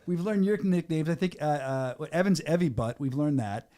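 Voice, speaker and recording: A man hosting a sports podcast, joking and hurrying through questions in an excitable way. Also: on the high side, moderate pace. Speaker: podcast host and venue announcer. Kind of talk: casual podcast chat.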